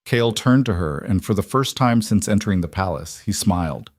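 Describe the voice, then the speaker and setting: A man narrating a scripted fantasy story in a dramatic, steady way. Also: on the low side, brisk, dry recording, clean studio sound.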